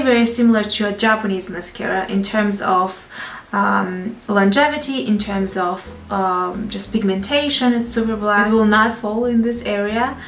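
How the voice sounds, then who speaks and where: A woman's voice: mid-range voice, distant mic. Chatty French-accented woman in an echoey room. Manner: chatty, frank, laughs between phrases. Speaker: beauty vlogger. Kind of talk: casual product review.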